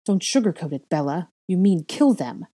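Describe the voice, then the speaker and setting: A woman's voice: fairly low pitch, sing-song, moderate pace, dark tone, husky. A woman voicing an anxious, aristocratic mother in a storybook reading, sounding worried and hesitant. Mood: hard. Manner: worried, then hardening.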